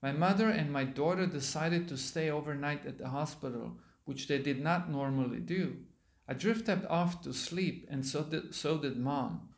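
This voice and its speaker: Monk telling a story in an echoey hall. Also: male voice, a little high, normal speed, vocal fry. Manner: explains words aside to listeners. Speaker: monk lecturer. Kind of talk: sermon with a read-aloud story. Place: temple hall.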